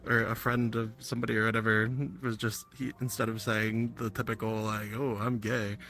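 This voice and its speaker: A man's voice: fairly low pitch, little pitch movement, a little fast, sharp tone, soft background music. A man in casual chat on a stream, laughing often and swearing casually.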